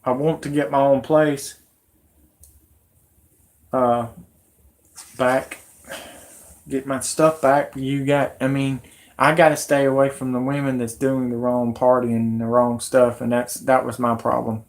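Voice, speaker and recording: A man's voice: mid-range voice, flat delivery, a little slow, long pauses. Rambling, agitated man ranting on a stream. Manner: agitated, rambling, rising into shouty outbursts. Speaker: live-stream host. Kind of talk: rambling live-stream rant.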